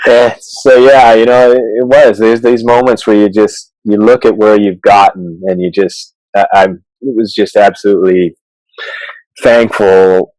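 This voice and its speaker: A man, a chiropractor, telling stories in a casual interview, halting with many restarts and fillers. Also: on the low side, steady tone, darkish tone, no room sound, low-quality recording. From Canada. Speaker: chiropractor guest.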